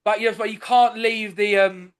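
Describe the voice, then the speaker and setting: A podcast host, a man with a high-pitched voice, talks in a loose, rambling way and swears freely. His banter with his guest feels relaxed and offhand. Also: normal speed, smooth. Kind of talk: casual podcast chat.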